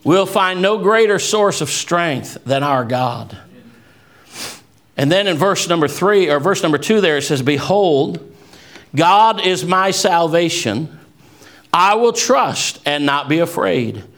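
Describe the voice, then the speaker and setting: High, bright-voiced impassioned preacher man. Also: animated, slow. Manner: impassioned preaching, swinging between low asides and raised shouts; quotes scripture. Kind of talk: fervent sermon.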